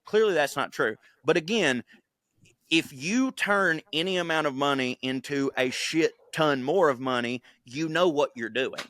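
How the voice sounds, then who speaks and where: Bright-voiced profane male podcast storyteller. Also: a little high, normal speed, no room sound. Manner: animated storyteller, profane, voices quotes in funny put-on tones. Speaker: podcast co-host. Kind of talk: casual chat.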